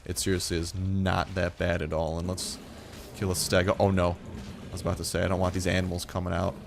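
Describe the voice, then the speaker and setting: Lowish male gaming youtuber narrating his play, upbeat and chatty. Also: completely flat delivery, brisk, vocal fry, noisy background. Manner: chatty and upbeat, talks to the animals. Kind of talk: gameplay commentary.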